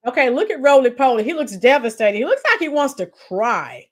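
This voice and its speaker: A woman talking casually on a live stream, her voice a little high for a woman. She reacts to clips with sarcasm and mockery and keeps calling out to her chat. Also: very animated, a little fast. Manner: sarcastic, mocking, chatty with viewers.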